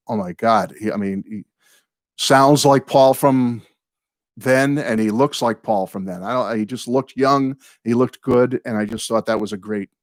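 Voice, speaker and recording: An older man hosting his own live chat, greeting viewers and rambling excitedly through fan stories and thank-yous. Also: medium pitch, dry recording, clean studio sound. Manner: rambling, excitable, apologizes for going off on tangents. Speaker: host of a music fan channel.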